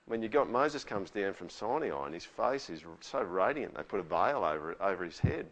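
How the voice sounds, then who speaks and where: Animated man preaching a casual sermon. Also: low-pitched, normal speed. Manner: conversational, animated, asks the listeners questions. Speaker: pastor.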